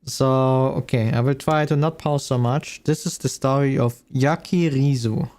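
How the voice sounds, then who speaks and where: A man's voice: medium pitch, steady tone, moderate pace, darkish tone, a little hiss or hum. A man streaming as a VTuber, reacting casually to a video, thinking aloud and laughing often.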